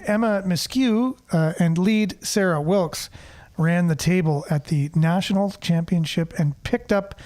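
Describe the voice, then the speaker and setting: A man's voice: high voice, a little mellow. A man hosting a casual local news show, chatting and reading the news aloud with asides and fillers. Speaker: host.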